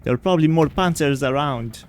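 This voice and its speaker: While streaming a video game, a man with a voice on the high side talks fairly quickly in a rambling, chatty way. Laughter comes often as he plays.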